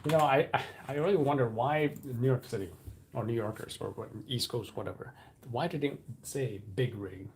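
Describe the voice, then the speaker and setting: A rambling, musing live-stream host. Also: male voice, mid-range voice, normal speed, slight background noise. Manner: rambling, thinking aloud while typing at a computer. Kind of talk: casual live-stream chat.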